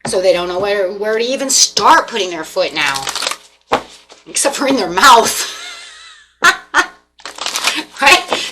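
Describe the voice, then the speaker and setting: A woman giving a casual tarot reading, animated and repetitive, acting out the people in the cards. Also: medium pitch, takes it slowly, long pauses, music in the background. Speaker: tarot reader.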